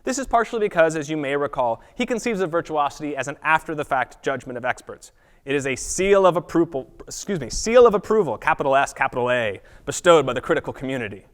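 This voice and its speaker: A man giving an academic lecture at a college, reading prepared text in a measured way and sometimes correcting himself. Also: a little high, lively intonation. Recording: long reverb of a lecture hall.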